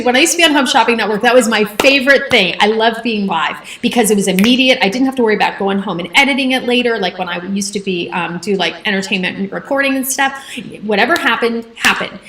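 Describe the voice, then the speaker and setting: A woman's voice: mid-range voice, a bit bright, reverberant. A middle-aged woman hosting a livestream, telling stories in a chatty, rambling way full of fillers. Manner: chatty, rambling storyteller with many fillers and laughs. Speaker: livestream host. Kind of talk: casual livestream chat. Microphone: phone.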